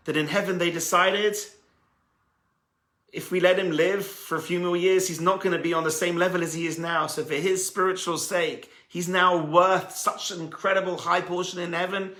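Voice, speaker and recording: A man, a rabbi, telling a story as a sermon, animated and acting out the voices of the people in it. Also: a little high, normal speed, reverberant.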